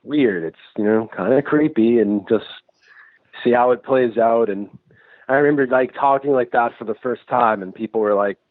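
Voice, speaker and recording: A New England man who makes and acts in films guests in a casual interview chat, telling animated, loose stories full of swearing. His mid-range voice moves at normal speed, and the recording is dry with a tinny, phone-like sound.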